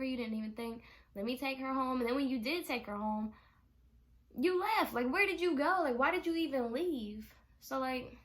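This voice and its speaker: A young woman recounts a story in an animated, exasperated tone. Her voice sits a bit high for a woman, and she talks casually and swears freely. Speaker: vlogger.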